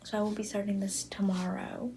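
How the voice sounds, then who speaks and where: On camera late at night, this 19-year-old from Buffalo, New York, talks about books in a gushing, filler-packed way, frequently whispering. Her mid-range voice is gravelly and dark, delivered flatly and a little fast. Audio quality is poor, with a bit of hiss or hum.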